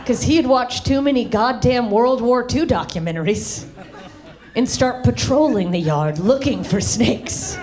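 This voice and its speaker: A woman's voice: expressive, unhurried, a little mellow. Brash woman doing stand-up. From American South. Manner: brash, swings her voice high and low for effect. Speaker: stand-up comedian. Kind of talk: stand-up comedy set. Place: live comedy venue with audience. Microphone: handheld stage mic. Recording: live show with crowd laughter. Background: audience laughter.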